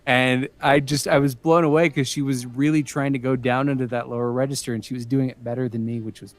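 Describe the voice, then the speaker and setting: A man, a voice actor and a father, chatting casually as a podcast guest, pausing often with fillers and restarts. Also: medium pitch, steady tone, a little mellow. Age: adult with young children. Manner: hesitant, many fillers and restarts.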